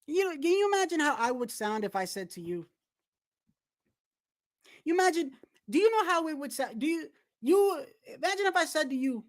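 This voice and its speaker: A blunt woman rants on a live boxing stream. She swears freely and restarts her sentences. The voice sits fairly high, with a dry, close sound. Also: sing-song, normal speed, fairly bright tone, no echo. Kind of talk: live stream commentary, casual rant.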